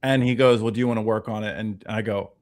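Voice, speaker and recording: A man on a casual livestream telling an animated story, acting out the voices of the people he quotes. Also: fairly low pitch, fast. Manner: animated storyteller who acts out quoted dialogue. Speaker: guest.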